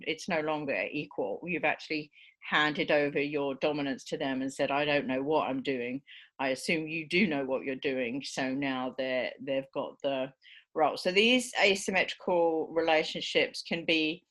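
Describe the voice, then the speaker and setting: A woman's voice: low-pitched, a bit bright. A middle-aged woman lecturing a class, explaining patiently with many fillers and acting out sample phrasings. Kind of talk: university lecture.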